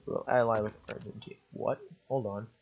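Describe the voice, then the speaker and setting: A man's voice: fairly low pitch, fairly even intonation, a little fast, vocal fry, a little hiss or hum. Young guy rambling through a strategy game, offhand, slightly muffled lo-fi mic. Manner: rambling, offhand, self-correcting. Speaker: gaming commentator. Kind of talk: let's play commentary.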